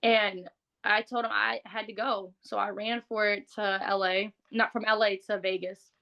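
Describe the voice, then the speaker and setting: A woman talks as an interview guest, recounting her own experiences openly. Her delivery is casual and conversational, full of "like" and quick restarts, frank rather than polished. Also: mid-range voice, flat delivery, vocal fry, lo-fi sound. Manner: frank, conversational, heavy use of "like". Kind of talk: candid personal storytelling.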